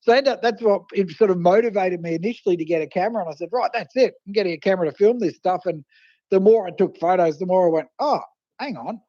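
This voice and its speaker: An Australian man with a notably high voice tells fishing stories over the phone, slipping into the voices of the people he quotes. The line is muffled and a little dull, with no room sound around it. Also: fast talker, dry recording. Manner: animated anecdotes, acting out quoted voices. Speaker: guest fishing writer and photographer. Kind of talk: casual storytelling over the phone.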